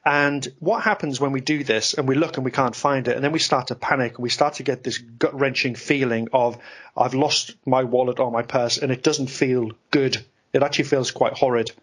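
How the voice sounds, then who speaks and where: A man, a guest on a podcast interview, explaining ideas in an animated, talkative way. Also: medium pitch, husky. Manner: animated, explanatory, self-deprecating about ranting. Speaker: guest, investment expert.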